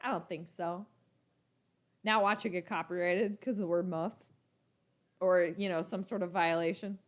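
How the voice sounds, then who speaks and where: A woman hosting a casual sports livestream, talking chattily to her viewers in an animated way. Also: on the low side, normal speed. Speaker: sports channel host.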